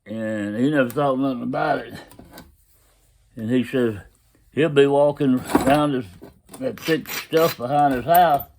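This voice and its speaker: Guy telling a story, folksy drawl, lots of "he said", noisy background. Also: medium pitch. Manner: folksy drawl, retelling quotes with "he said". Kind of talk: casual storytelling.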